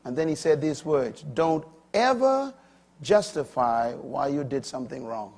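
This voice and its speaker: An older man preaching a sermon in a husky voice, swinging between quiet storytelling and loud, emphatic declarations. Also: mid-range voice, moderate pace.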